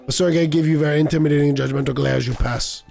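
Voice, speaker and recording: A gruff bear bouncer with a heavy Russian accent, as a man puts him on. He speaks slowly in broken phrases and calls himself by name. The voice is gravelly, with faint game music behind it. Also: fairly high pitch, steady tone, darkish tone.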